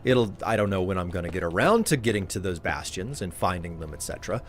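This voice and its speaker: A man's voice: deep voice, lively intonation, quick pace, a little hiss or hum. A male streamer talking casually to his chat while gaming, rambling and friendly toward viewers. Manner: rambling, chatty, warmly addresses viewers.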